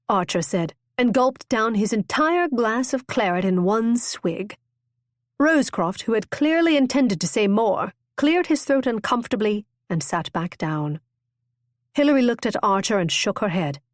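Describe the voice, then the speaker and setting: A woman narrating a romance audiobook in a measured, expressive reading. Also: medium pitch, dry recording, clean studio sound. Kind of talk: scripted narration.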